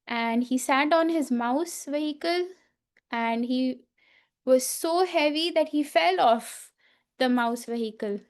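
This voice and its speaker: A woman teaching a festival class retells a sacred story slowly, stopping for fillers and asides to her listeners. Her voice sits high and her pace is unhurried.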